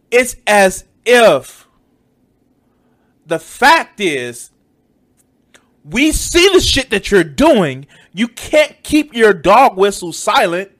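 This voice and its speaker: A man's voice: high voice, a bit bright. A man giving heated, profane reaction commentary, mocking and swearing often.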